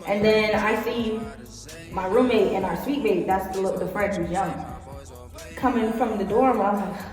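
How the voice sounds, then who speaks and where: A woman's voice: medium pitch, measured pace, pauses often, darkish tone. Young woman, casual storytelling vlog, rambling, acts out quotes, distant mic, echoey hall. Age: young adult. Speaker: vlogger. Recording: echoey room, far from mic, faint music.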